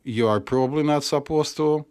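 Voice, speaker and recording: A man's voice: fairly high pitch, moderate pace, darkish tone, smooth. A middle-aged man with a Russian accent, co-hosting a casual chat and joking wryly as a psychiatrist. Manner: wry, joking, slightly non-native phrasing. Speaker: podcast co-host, psychiatrist.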